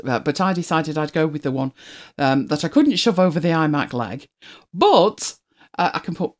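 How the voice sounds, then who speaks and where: A woman's voice: deep voice, a little mellow. A woman hosting a casual live chat, greeting viewers and teasing them in a chatty way. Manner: chatty and teasing, with frequent laughs. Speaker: livestream host.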